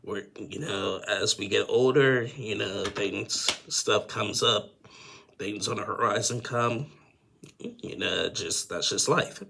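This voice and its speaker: A man's voice: on the low side, slow pace, vocal fry, sharp tone, slight background noise. A man casually recapping a reality show episode, rambling with lots of fillers and restarts.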